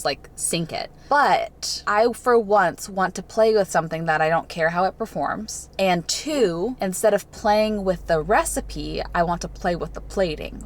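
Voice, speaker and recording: A young woman vlogging casually to camera, chatty and excitable, gasping and squealing over what she unwraps. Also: lowish voice, slight background noise. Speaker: lifestyle vlogger. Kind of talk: casual vlog chat to camera.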